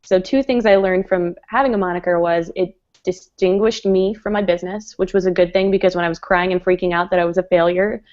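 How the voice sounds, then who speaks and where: A woman's voice: on the low side, steady tone, brisk, hardly any pauses, darkish tone, lo-fi sound. A woman guest in a casual interview chat, talking in a chatty way with frequent laughs and fillers. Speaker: guest designer.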